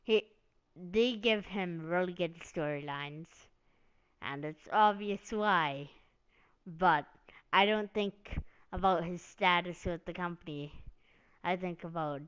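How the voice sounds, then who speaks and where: A woman talking wrestling on a live stream in a slow, easygoing ramble. Her voice is smooth and clean, and she drifts between thoughts with plenty of "like" and "um." She keeps it loose and conversational. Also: fairly low pitch, fairly bright tone. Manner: rambling, meandering, heavy on "like" and "um". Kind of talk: casual live-stream commentary.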